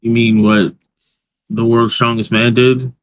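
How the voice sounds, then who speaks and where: A man's voice: medium pitch, little pitch movement, unhurried. A man co-hosting a wrestling podcast in casual chat, joking and mocking as he acts out other people's voices. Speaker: podcast co-host.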